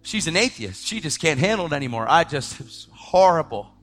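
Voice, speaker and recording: A man preaching his testimony in a dramatic storytelling style, swinging between loud outbursts and hushed tones. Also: a little high, very animated, a little fast, faint music behind. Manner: acts out the voices of people in his story. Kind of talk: testimony sermon.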